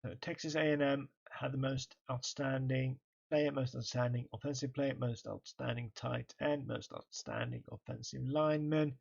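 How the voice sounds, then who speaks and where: A man's voice: medium pitch, creaky, darkish tone, slightly rough, muffled recording. A tired man, casually commenting on a college football game stream as he reads through the stats. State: tired, yawning. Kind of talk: casual let's-play commentary.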